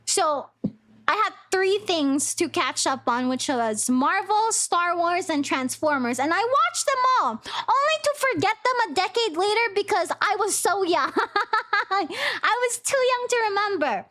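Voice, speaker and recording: A woman's voice: extremely high pitch, lively intonation, measured pace, a bit bright. A young woman streamer chatting casually on a live stream, bubbly and rambling, laughing easily. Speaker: VTuber streamer.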